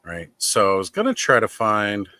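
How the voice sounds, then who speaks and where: A man hosting a casual livestream, his voice a little low and recorded close and dry with no room sound. He talks in a relaxed, rambling way, thinking aloud as he goes. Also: normal speed, dry recording. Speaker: livestream host. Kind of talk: casual toy-collector chat.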